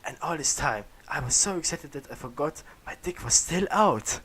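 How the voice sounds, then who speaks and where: A man's voice: on the high side, animated, normal speed, fairly bright tone, slightly rough. A man reading fan fiction aloud, stumbling over words and laughing now and then. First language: German. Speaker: reader.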